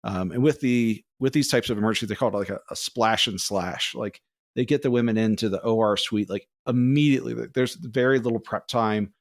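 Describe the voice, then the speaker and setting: A man co-hosting a podcast, telling long, rambling personal stories in a casual, animated way. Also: fairly low pitch, fairly quick, dry recording, studio quality. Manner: rambling, animated, acts out quoted voices. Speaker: podcast co-host. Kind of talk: casual storytelling.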